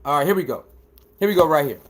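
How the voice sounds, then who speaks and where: High-voiced man chatting to his stream. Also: lively intonation, fast talker, a bit bright. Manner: chatty, repeats himself, talks straight to viewers; heated when answering a critic. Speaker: livestream host reading chat. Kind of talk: casual live commentary.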